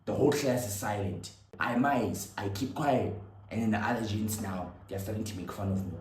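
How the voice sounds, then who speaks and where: A young man, telling a personal story in an animated, slangy way that swings between loud and hushed. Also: fairly low pitch, normal speed, a little hiss or hum. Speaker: vlogger. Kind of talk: storytelling monologue. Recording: echoey room with faint ambience.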